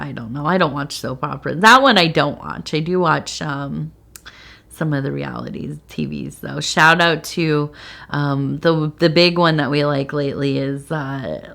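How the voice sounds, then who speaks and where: Slow gravelly middle-aged woman, rambling. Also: sits low, a bit bright. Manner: rambling, meandering, with many fillers. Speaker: tea leaf reader, channel host. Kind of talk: casual spoken reading.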